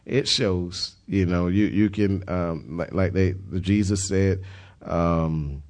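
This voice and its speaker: A man preaching a sermon in a folksy, colloquial way that swells into loud, emphatic passages. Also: low voice, fairly even intonation, slow. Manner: colloquial, with repeated words and restarts.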